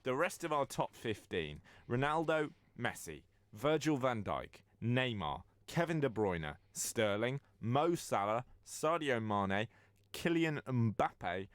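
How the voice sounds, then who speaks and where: A male sports radio host talks in a mid-pitched voice that swings widely up and down. He runs the debate with mock-serious authority. The studio microphone sounds close and dry. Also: sing-song, takes it slowly, dry recording. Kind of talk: casual sports radio chat.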